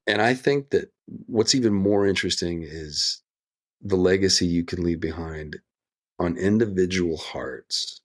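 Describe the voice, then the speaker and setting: A middle-aged American man speaking as an actor guest in an interview, earnest and reflective, telling stories with drawn-out pauses. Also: deep voice. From United States.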